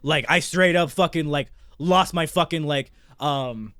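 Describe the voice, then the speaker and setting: Excited swearing man telling a story. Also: a little high, measured pace, no echo, clean studio sound. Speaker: podcast co-host. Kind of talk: casual chat.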